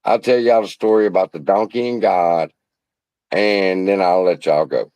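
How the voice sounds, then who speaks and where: Recording from a hot room at home beside the air conditioner, the host of an investing channel runs a casual livestream. His low, slightly mellow, smooth voice moves at normal speed as he tells a folksy parable in a profane, preacherly style; there's no echo, but the audio is poor.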